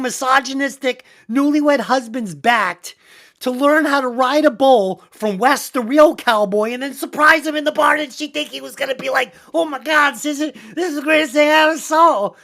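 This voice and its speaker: A woman's voice: sits high, fairly bright tone. A woman co-hosting a comedy movie review podcast, ranting bluntly and swearing constantly in casual chat. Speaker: podcast co-host.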